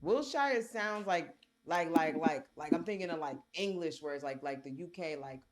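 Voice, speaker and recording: A man's voice: a little high, steady tone, fairly quick, a crowd in the background. A man co-hosting a casual chat who argues playfully and explains things at length, with many "like"s. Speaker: co-host. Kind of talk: casual banter.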